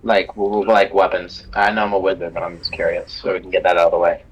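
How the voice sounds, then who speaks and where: A man playing a tabletop game, asking questions in a halting, restart-filled way. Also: low-pitched, monotone, breathy edge, lo-fi sound. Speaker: player. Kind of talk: casual tabletop role-play.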